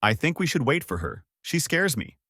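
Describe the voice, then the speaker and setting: A man's voice: on the high side, sing-song, moderate pace, sharp tone, breathy edge, dry recording, studio quality, pitched above the performer's own voice, heavily acted. A man voicing a timid, polite giant turtle in a fan-made story, speaking in a meek, shaky way.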